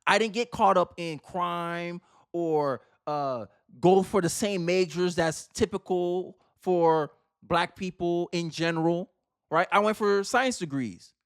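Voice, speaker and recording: A man's voice: high voice, takes it slowly, smooth, no echo, studio quality. A man hosting a reaction commentary, talking in an emphatic, argumentative way and repeating phrases for effect. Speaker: commentary host.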